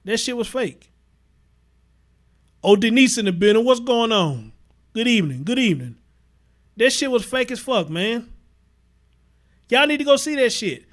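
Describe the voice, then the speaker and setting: A man's voice: extremely high pitch, big pitch swings, normal speed, long pauses, a bit bright. A man with a Houston accent hosting a livestream, talking bluntly and profanely, repeating himself and greeting viewers as he reads their comments. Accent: Southern US, Houston. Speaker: livestream host.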